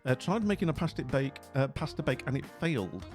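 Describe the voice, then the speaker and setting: A man's voice: mid-range voice, sing-song, fairly quick, music in the background. A middle-aged man hosting a livestream, chatting casually and jovially with viewers and rambling through lots of fillers. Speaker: livestream host. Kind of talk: casual chat with live viewers.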